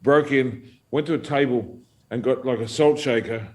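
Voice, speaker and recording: At an informal round table, a middle-aged guest storyteller shares a story from the past in a mid-range voice at ordinary speed. His telling is energetic and foul-mouthed, broken up by his own laughter.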